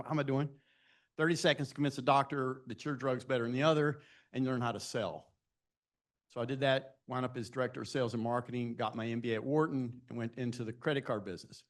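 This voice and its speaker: Man in his sixties telling career stories. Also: medium pitch. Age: 60s. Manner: anecdotal, self-deprecating storytelling; asks the audience direct questions. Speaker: panelist speaking to students. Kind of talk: speaking at a live event.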